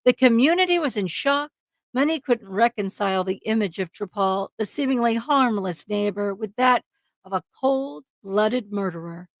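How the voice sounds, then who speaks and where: A woman's voice: medium pitch, animated, normal speed, no room sound. A woman co-hosting a livestream, reading a true crime script aloud, tripping over words and breaking into laughs. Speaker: livestream co-host reading a case.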